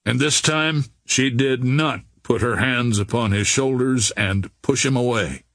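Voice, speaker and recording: A man narrating an audiobook in a measured, expressive storytelling manner, close to the mic. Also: mid-range voice, dry recording.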